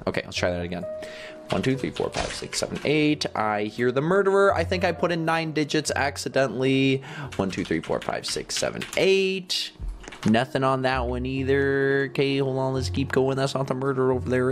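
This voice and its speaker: A young man giving casual commentary as he plays a game, excitable and swinging from loud shouts to quiet muttering. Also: medium pitch. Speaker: gaming YouTuber.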